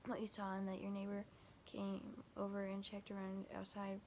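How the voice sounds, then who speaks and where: A woman's voice: mid-range voice, monotone, moderate pace, darkish tone, slight background noise. A young woman vlogger casually retelling a scary night, quoting back and forth with lots of "like" and restarts. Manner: quotes texts with constant "I was like", "he's like"; rambling, filler-heavy, frequent restarts.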